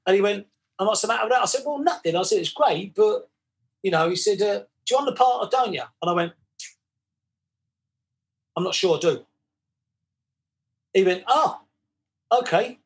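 A man's voice: high-pitched, animated, normal speed, gravelly, long pauses. A man, chatting as a podcast guest and acting out both sides of old conversations. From England. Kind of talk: casual storytelling chat.

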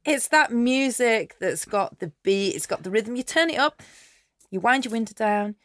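A woman's voice: fairly high pitch, animated, normal speed, no echo, clean studio sound. A woman with a Yorkshire accent, a podcast guest telling chatty, self-mocking stories. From Yorkshire, England. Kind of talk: casual interview chat.

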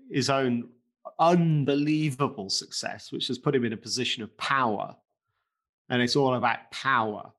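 A man's voice: medium pitch, gravelly, fairly bright tone. A man co-hosting a finance podcast, explaining currency moves conversationally and repeating points for emphasis. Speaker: podcast co-host, market commentator. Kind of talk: casual finance podcast chat.

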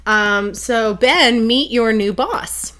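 A woman's voice: fairly high pitch, slow pace, very noisy. A woman putting on a wealthy, dismissive male financier in a casual retelling of a book plot. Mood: scheming. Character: wealthy older male excavation funder, dismissive.

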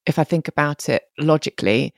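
A woman's voice: low voice, a little fast, vocal fry, no echo. A woman co-hosting a podcast, chatting casually and laughing often in a candid, self-deprecating way. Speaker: podcast co-host. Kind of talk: casual chat. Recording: dry remote call audio.

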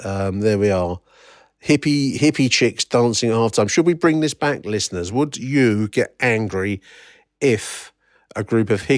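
A man with a somewhat low voice hosts a solo football history podcast in a wry, rambling way. He stops and restarts often and fills gaps with ums. The sound is dry and close, with no room echo. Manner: reads out old newspaper reports. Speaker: podcast host.

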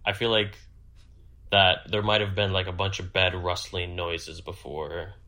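A low-voiced man with a bright, forceful edge talks loosely and swears freely, tossing off quick asides as he hosts a podcast among friends. He sounds like a phone recording, with friends chatting around him. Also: level tone, slight background noise. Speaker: podcast host. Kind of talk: casual chat while watching a film.

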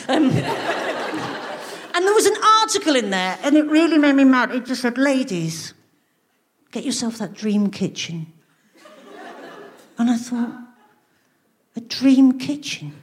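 A middle-aged woman, telling stand-up comedy on stage in a wry, animated storytelling manner with mock outrage. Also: fairly high pitch, measured pace, pauses often. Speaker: comedian and co-host. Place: theatre stage before a live audience.

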